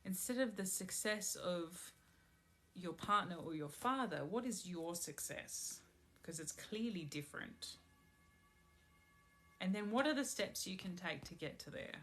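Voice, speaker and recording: A pregnant woman giving a live-stream tarot reading, speaking in a slow, soothing, spiritual way. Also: lowish voice, lively intonation, fairly bright tone. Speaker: tarot reader.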